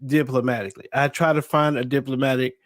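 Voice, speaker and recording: A man's voice: medium pitch, fairly even intonation, fast, no echo, clean studio sound. A man on a podcast who talks in a hesitant, thoughtful way and searches for his words. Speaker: podcast co-host. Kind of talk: casual conversation.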